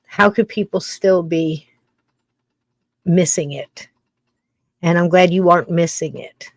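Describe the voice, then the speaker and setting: A woman's voice: fairly low pitch, slow, no room sound. An older woman hosting a podcast, musing in a casual, rambling monologue full of restarts. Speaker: podcast host.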